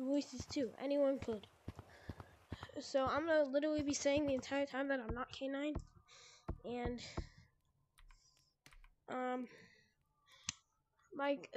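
A high-voiced woman talks over her VR gameplay, her voice kept soft and at times almost a whisper. She rambles casually, with plenty of filler. A faint hiss sits under the headset recording. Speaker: gaming YouTuber.

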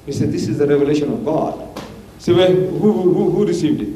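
A man's voice: fairly high pitch, brisk, warm tone. An older man from South Africa giving a lecture to an audience, talking emphatically, repeating phrases for effect and laughing at his own stories. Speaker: Islamic lecturer. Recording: echoey hall recording with faint hiss.

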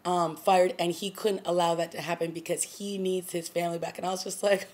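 An adult woman who reviews TV on her vlog talks casually to the camera, retelling scenes, quoting lines and laughing a little. Her voice sits on the low side, level and slightly mellow, and she speaks briskly with hardly any pauses.

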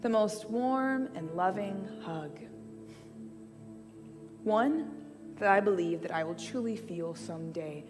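A woman's voice: mid-range voice, slow, pauses often. A woman preaching in a sermon, weaving a personal story with light, playful asides. Her voice carries a long hall reverb, with faint music underneath. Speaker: church speaker. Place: church hall.

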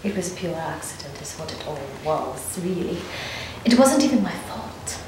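A woman's voice: fairly low pitch, lively intonation, moderate pace, noisy background, natural voice. An actress playing a nervous, evasive young woman on the run, talking in a rambling, defensive way with nervous laughs. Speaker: actor. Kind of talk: dramatic monologue. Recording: very echoey room.

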